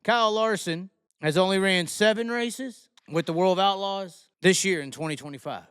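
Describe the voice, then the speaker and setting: A man's voice: high-pitched, normal speed, a bit bright, smooth, no room sound, clean studio sound. A man with a Southern US accent, ranting bluntly about racing, heated and swearing freely. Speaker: racing commentator. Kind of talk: profane opinion rant.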